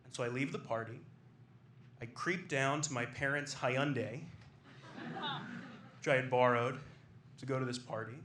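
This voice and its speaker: A young man telling a comic personal story live on a club stage into a stage microphone, animated and rising into excited bursts. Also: mid-range voice, moderate pace, long pauses. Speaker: stand-up storyteller. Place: comedy club stage with audience. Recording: echoey live room, faint background noise.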